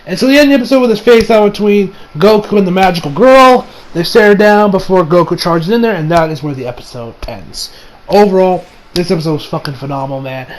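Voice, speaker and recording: A man giving a casual anime episode recap, excitable, swearing freely and laughing often. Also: high voice, fairly quick, slight background noise, low-quality recording. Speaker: anime reviewer.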